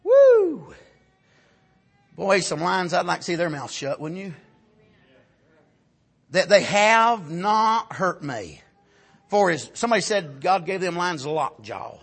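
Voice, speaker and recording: A man preaching a fervent sermon, often rising to shouts and punctuating his points with amens. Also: sits high, sing-song, slow pace, vocal fry, long pauses, slightly rough.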